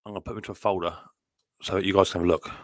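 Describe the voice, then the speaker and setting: A man's voice: deep voice, fairly even intonation, rapid-fire, no echo. A middle-aged man hosting a live stream from home, chatting cheerfully with viewers and reading their comments aloud. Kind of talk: casual live stream chat.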